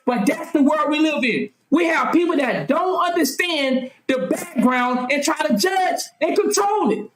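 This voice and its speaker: Woman, high pitch, fervent rant, rhetorical questions, sometimes yelling, roomy echo. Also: animated, measured pace, hardly any pauses, background noise. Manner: swears freely. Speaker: vlogger. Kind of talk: impassioned monologue.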